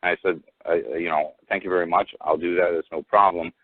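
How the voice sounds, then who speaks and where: A man telling a rambling personal story over the phone, halting with many restarts and fillers. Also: low-pitched, steady tone, no room sound. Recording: tinny phone line, dry.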